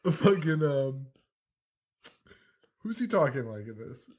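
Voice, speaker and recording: A man's voice: mid-range voice, big pitch swings, takes it slowly. A young man co-hosting a casual podcast, swearing freely, laughing often and slipping into goofy impressions. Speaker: podcast co-host.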